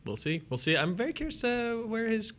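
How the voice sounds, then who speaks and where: A comedy writer in casual commentary chat, animated and jokey. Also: male voice, high voice, a little fast, background noise.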